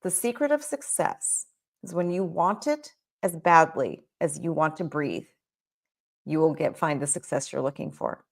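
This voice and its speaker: A woman voicing a calm old male philosopher who speaks in a low, measured way. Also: vocal fry. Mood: solemn.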